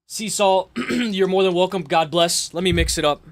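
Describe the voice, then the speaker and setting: A man hosting a casual livestream, rambling and joking with profanity, congested and clearing his throat. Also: sits high, slight background noise. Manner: rambling, profane, jokey, reads chat aloud. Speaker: livestream host.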